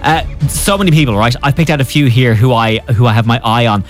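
An Irish man chats with a co-host on breakfast radio, teasing and joking. His voice sits at a middle pitch. Faint music plays in the background. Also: fairly quick. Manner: playful, banters and jokes. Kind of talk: casual chat.

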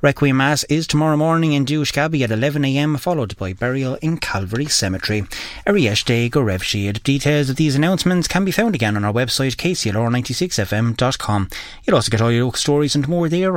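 An Irish man on local radio, reading death notices in a measured, formal way. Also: medium pitch, expressive, dry recording. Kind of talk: read announcements.

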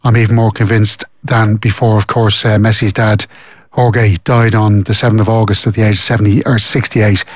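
A man's voice: lowish voice, normal speed, dry recording, studio quality. Irish man, chatty podcast co-host. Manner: chatty storyteller, reads news in a steady run. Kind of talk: casual chat and sports news reading.

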